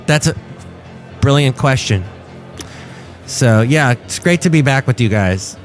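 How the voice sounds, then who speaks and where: A man's voice: medium pitch, unhurried, soft background music. A man hosting a podcast, telling rambling comic stories in casual chat. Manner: rambling storyteller with a lively, bouncing delivery and many restarts. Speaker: podcast host. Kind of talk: casual comedic monologue.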